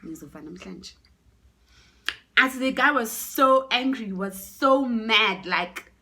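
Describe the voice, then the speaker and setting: A woman with a South African accent tells a story in a casual vlog, chatty and animated, mixing languages and dropping into whispered asides. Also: a little high, slow. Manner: chatty, switching between English and Zulu, animated with whispered asides. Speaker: YouTuber telling a story.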